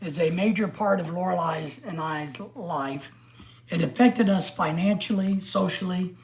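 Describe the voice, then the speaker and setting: A woman's voice: on the low side, unhurried, a little hiss or hum. Middle-aged woman on a livestream, fired up and ranting, swears a lot, blunt. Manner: excitable ranting, blunt and profane. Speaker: livestream host. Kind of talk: casual livestream chat.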